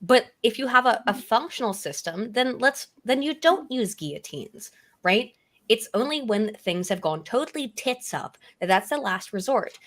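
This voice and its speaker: A woman's voice: on the high side, expressive, normal speed. A woman, a guest in a casual livestream debate, arguing emphatically and swearing freely.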